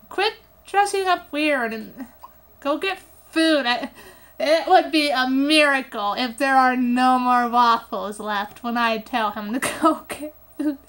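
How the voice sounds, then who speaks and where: A gameplay commentator speaks into a phone recording app, her voice sitting high. She's casual and excitable, swearing freely and bursting into giggles.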